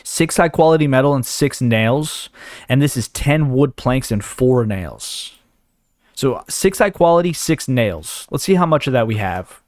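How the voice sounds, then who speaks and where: A man's voice: mid-range voice, expressive, measured pace, darkish tone, dry recording, clean studio sound. A man hosting a gaming video, rambling and thinking aloud as he sorts through his inventory, with a case of the hiccups. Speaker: gaming channel host. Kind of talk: casual let's play commentary.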